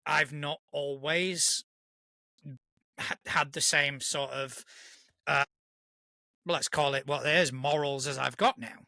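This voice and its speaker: A man's voice: a little high, steady tone, slow, vocal fry, pauses often, pushed and bright, no room sound, clean studio sound. A man co-hosting a casual live-streamed podcast, earnest and reflective, often restarting with "you know". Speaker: podcast co-host.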